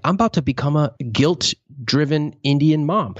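A man hosting a podcast, telling stories in a casual, animated way and acting out quoted voices with big swings. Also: a little high, normal speed, hardly any pauses, slightly rough, lo-fi sound. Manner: animated storyteller, acts out quotes in exaggerated voices. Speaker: podcast host.

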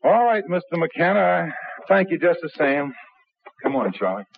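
An actor playing an eager, persuasive young radio performer in a 1950s radio drama. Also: male voice, a little high, very animated, moderate pace, creaky, noisy background. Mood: determined. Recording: tinny old radio broadcast.

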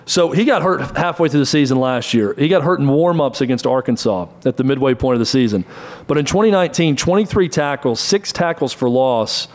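In this college football analysis, a middle-aged man hosting sports talk fires through statistics in short, brisk bursts. He speaks at medium pitch with a slightly mellow quality.

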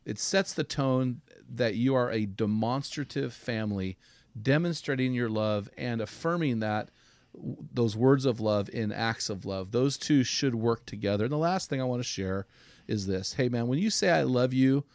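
This men's podcast host, a middle-aged man, is choked up as he speaks with preacherly earnestness and feeling in casual podcast talk. His mid-range voice moves at normal speed with a darkish tone and no echo.

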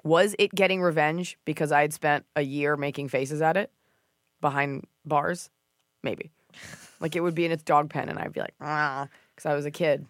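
A woman's voice: sits low, steady tone, moderate pace, dry recording, studio quality. A woman hosting a podcast, chatting casually and joking, often dropping into mock voices. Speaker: podcast host. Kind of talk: comedic casual chat.

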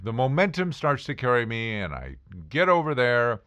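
A man's voice: mid-range voice, very animated, normal speed, pushed and bright, no room sound. A man telling a self-mocking comic story about his past, with punchy asides. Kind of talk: comedic storytelling monologue.

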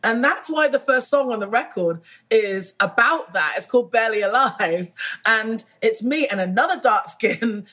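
A woman's voice: mid-range voice, fairly bright tone, breathy edge. A woman with a British accent, a musician who is a guest in a casual interview, talking candidly and laughing often. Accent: British English. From Britain.

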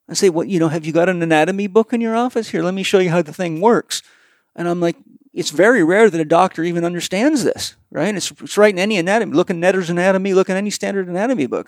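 A man's voice: fairly high pitch, gravelly, no echo, clean studio sound. A man who speaks bluntly and with profanity, telling stories as he explains in a casual conversation. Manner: blunt, profane, animated storyteller. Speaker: guest practitioner.

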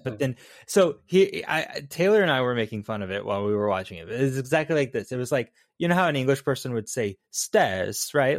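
A man's voice: medium pitch, dry recording, clean studio sound. A man co-hosting a casual movie review podcast, blunt, wry and opinionated. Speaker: podcast co-host.

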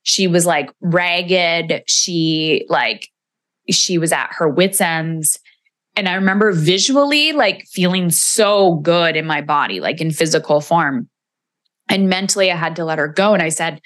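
A woman's voice: fairly low pitch, measured pace, fairly bright tone. A woman in her forties hosting a solo podcast, candid and emotional, swearing casually as she reflects. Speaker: podcast host.

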